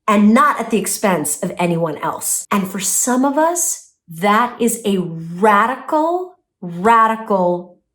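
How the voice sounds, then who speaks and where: A woman vlogger giving self-help advice straight to her viewers, animated, acting out inner voices and slowing down to stress key words. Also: mid-range voice. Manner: animated, acts out inner voices with gasps and mock quotes; slows to a drawn-out, emphatic delivery on key words. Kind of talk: direct-to-camera advice vlog.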